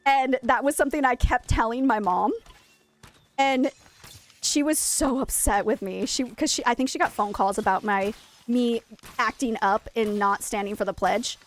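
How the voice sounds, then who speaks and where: Chatty higher-voiced woman streaming a game. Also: moderate pace. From Maine, United States. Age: 30s. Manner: chatty and animated, talking to her chat while playing. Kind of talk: casual livestream chat while gaming.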